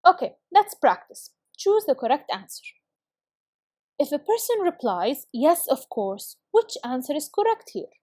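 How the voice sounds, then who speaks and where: Upbeat woman teacher with a high voice, full of praise, spells out phrases slowly for young learners; dry, close recording. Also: very animated, darkish tone, no room sound. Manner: encouraging, praises students often; slow, careful reading of model phrases. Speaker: English teacher. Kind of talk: recorded video lesson for schoolchildren.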